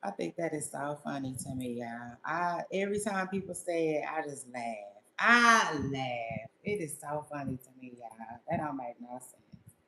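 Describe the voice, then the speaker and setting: A woman's voice: low-pitched, animated, measured pace, bright, forceful tone, roomy sound, a little hiss or hum. A woman chatting casually with viewers as a podcast host, laid-back and laughing, with slangy talk.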